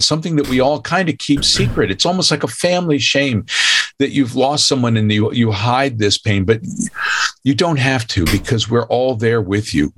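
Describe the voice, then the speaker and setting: A man's voice: medium pitch, fairly bright tone, dry recording. A man hosting a charity stream, talking earnestly and emotionally and heaping praise on his guests. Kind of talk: heartfelt panel talk.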